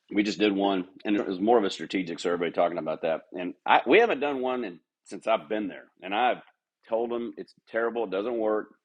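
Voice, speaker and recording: A middle-aged man talking candidly as a podcast guest, telling workplace stories and mimicking other people's voices. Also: lowish voice. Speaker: golf club manager, podcast guest. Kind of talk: casual interview chat.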